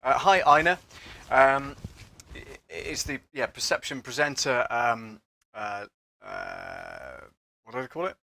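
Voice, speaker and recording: A man's voice: medium pitch, big pitch swings, takes it slowly, creaky, sharp tone, no echo. A man hosting a casual live stream from his apartment studio, a little out of breath, rambling with many fillers, recorded on a lapel mic. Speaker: host of an audio production channel. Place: apartment home studio, indoors.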